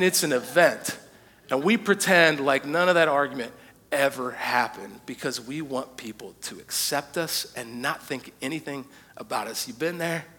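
High, bright-voiced preacher in a reverberant hall. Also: male voice. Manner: animated, joking storyteller who questions the congregation. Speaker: pastor. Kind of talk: sermon. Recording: long church-hall reverb.

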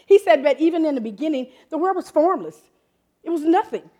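A woman in her fifties preaching a sermon in an animated, excitable way, often laughing and jumping up in pitch. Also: a little fast. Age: 50s.

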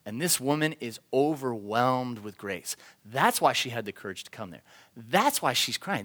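A man preaching a sermon, telling a story with animated delivery and acted-out voices. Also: medium pitch, measured pace. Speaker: pastor.

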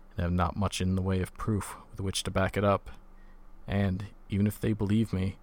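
A man's voice: sits low, darkish tone, lightly acted. A man reading the lines of a shaken, pale young engineer who speaks politely and formally.

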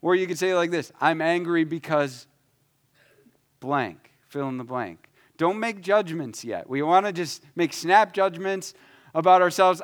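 Animated man preaching a conversational sermon. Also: fairly high pitch, a little slow. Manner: conversational preaching, acts out prayers in his own voice. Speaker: pastor.

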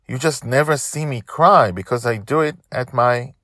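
A man voicing a caring dragon father who gently reasons with his daughter. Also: medium pitch, moderate pace, no room sound, studio quality, voice pushed up, close to an everyday voice. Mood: gentle. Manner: gently persuading.

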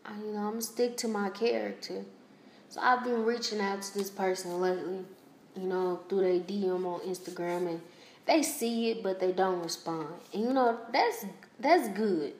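A woman talks through a painful personal story on her podcast, halting and restarting often as she fights back tears. Her voice sits at an ordinary middle pitch. The room around her is echoey. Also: slight background noise. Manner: halting, emotional, many fillers and restarts. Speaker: podcast host.

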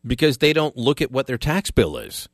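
A man's voice: medium pitch, big pitch swings, normal speed, dry recording. A man hosting a call-in radio talk show, opinionated and sarcastic with punchy emphasis, speaking into a studio microphone.

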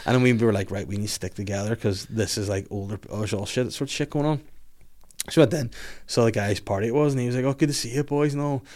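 A man spinning a rowdy anecdote on a podcast, words tumbling out at a brisk clip. He swears freely and breaks into laughter mid-story, in a mid-pitched voice. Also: darkish tone. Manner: swears a lot, laughs while telling stories. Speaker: podcast host. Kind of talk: casual storytelling chat.

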